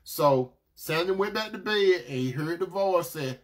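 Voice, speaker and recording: A man preaching a sermon, telling a Bible story in a relaxed, conversational way, with frequent "right?" asides to his listeners. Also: on the high side, normal speed.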